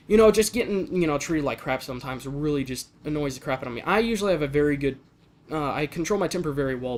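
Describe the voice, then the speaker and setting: A young man venting in a casual vlog, talking in a frustrated way with frequent restarts and stumbles. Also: a little high. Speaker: vlogger.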